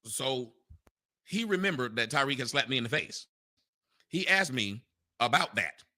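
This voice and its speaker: Loud, mocking man ranting. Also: mid-range voice, lively intonation, normal speed. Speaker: show host. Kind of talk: heated online audio rant. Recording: online voice chat.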